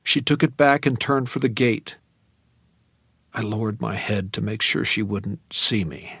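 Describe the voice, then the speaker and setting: A man reading a novel aloud in the first person as an audiobook narrator, telling the story in a measured, tense way. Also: fairly low pitch, a bit bright, husky, no echo. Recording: dry close studio sound.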